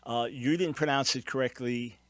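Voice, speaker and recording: A man's voice: medium pitch, steady tone, normal speed, fairly bright tone, dry recording. A man hosting a call-in radio show, explaining with earnest emphasis and taking callers.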